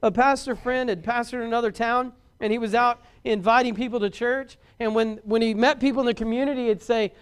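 A man preaching a sermon as a pastor, folksy and rising louder on key points. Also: extremely high pitch, fairly even intonation, a little fast, hardly any pauses, clean tone.

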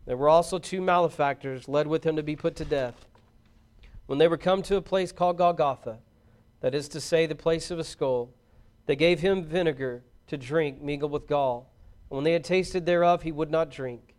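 A man giving a solemn, measured formal scripture reading. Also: on the high side, a little mellow. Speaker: scripture reader.

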